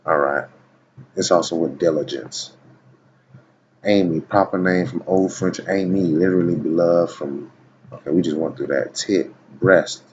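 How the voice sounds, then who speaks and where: A man's voice: sits low, fairly even intonation, unhurried, a little mellow. A man reading dictionary entries aloud in a casual video, stopping often to tell the listener to watch and keep listening. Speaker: video blogger. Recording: dull lo-fi recording with faint background noise.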